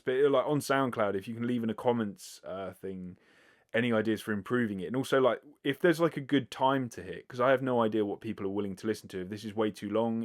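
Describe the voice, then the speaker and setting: A British man hosting a casual solo podcast, answering listener questions in a rambling, self-deprecating way with lots of fillers and casual swearing. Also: lowish voice. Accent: British English. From Britain. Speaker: podcast host.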